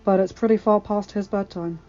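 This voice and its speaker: A woman voicing a quiet, kind young father who speaks in a hush. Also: mid-range voice, steady tone, normal speed, highs cut off, soft background music, natural voice. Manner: hushed and soft.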